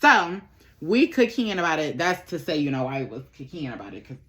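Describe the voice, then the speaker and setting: A young adult woman vlogger telling a casual storytime, animated and slangy, rambling with lots of fillers. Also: sits low, brisk. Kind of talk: casual storytime while getting ready.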